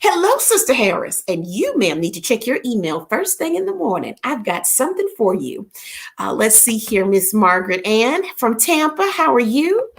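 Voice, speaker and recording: Lively, chatty woman streaming host. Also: medium pitch, moderate pace, creaky. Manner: playful, chatty, greets viewers by name. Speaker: livestream host. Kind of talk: casual livestream chat.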